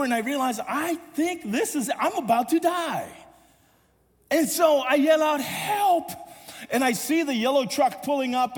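A pastor with a notably high voice tells a story from the pulpit. His delivery is animated, acting out the people in his story. His voice rings with a long echo in a church sanctuary. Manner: animated storytelling, acting out voices, then softening to a hushed close. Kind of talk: sermon with a personal story. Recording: long hall reverb.

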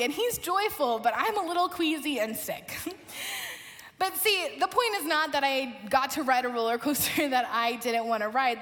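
A woman preaching a sermon, telling a personal story in a lively way and acting out the people in it. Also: sits high, big-room sound. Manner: animated storytelling, acts out quoted voices.

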